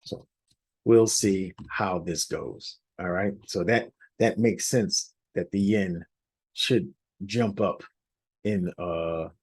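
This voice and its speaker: A hoarse man presenting a weekly forex outlook over charts, rambling a little and often checking in with "all right?". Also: sits low, slow, darkish tone. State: hoarse, losing his voice. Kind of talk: unscripted chart walkthrough.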